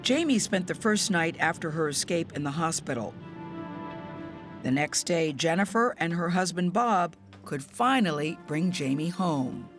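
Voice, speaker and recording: A woman correspondent reading scripted news narration in a measured, even way. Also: lowish voice, music in the background.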